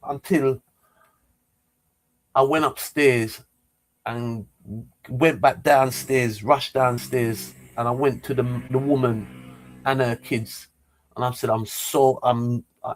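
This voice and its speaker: Excitable man telling a story. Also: medium pitch, slow pace, pauses often. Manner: excitable, repeats words, acts out quotes. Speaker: vlogger. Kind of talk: animated storytelling.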